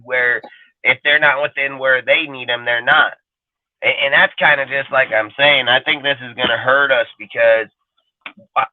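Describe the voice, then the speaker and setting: A man's voice: on the high side, dry recording. A man hosting a sports talk show, ranting in a heated, profane, exasperated way. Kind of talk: heated casual sports rant. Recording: tinny phone-like line, dry.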